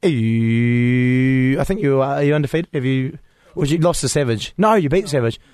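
A man's voice: mid-range voice, normal speed, a little mellow, clear, resonant tone, no echo, clean studio sound. A man co-hosting a podcast in casual, joking chat, often saying "mate". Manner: banters and laughs, says "mate" a lot. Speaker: podcast co-host.

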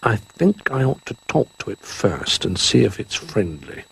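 Man reading a careful toy bear, storybook, earnest, husky. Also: fairly low pitch, big pitch swings, a little slow, a bit bright, heavily acted, low-quality recording.

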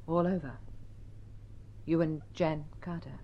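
A sharp-tongued wife at the end of her patience speaks in a vintage radio play. Her slightly low voice carries a cutting, sarcastic edge. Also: steady tone, slow, dull audio, slight background noise. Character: sharp-tongued, fed-up wife, young adult. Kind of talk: vintage radio drama acting.

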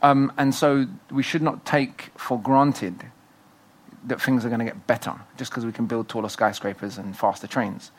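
A man, a guest author speaking fast and emphatically in a festival interview. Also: mid-range voice. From Britain. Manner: fast, animated, emphatic storytelling.

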